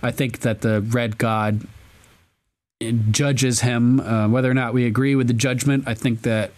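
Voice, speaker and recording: A man's voice: mid-range voice, steady tone, measured pace, darkish tone. A man co-hosting a podcast, chatting casually in a loose, profane, rambling way with frequent restarts. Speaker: podcast co-host. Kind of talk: casual chat.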